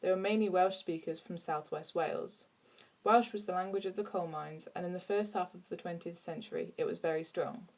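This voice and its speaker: A woman giving scripted, measured narration for an informative lesson. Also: lowish voice, darkish tone.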